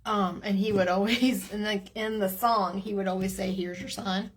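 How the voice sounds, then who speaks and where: A woman's voice: medium pitch, fairly even intonation, normal speed. A woman with a Southern US accent talks casually to her livestream viewers. She teases and jokes, drawling through folksy sayings in a mid-range voice. Faint background noise sits under the recording. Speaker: livestream host.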